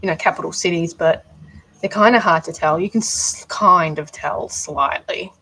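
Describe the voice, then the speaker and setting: A woman's voice: on the low side, moderate pace, bright, forceful tone, rough recording. A young Australian woman chatting casually on a live stream while she builds art dolls, answering viewers' questions as she works.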